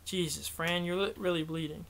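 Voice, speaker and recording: A touchy, earnest young man speaks in an audiobook, voiced by a man reading. His voice sits a little above the usual male pitch. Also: steady tone, moderate pace, gravelly, fairly bright tone. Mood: plain.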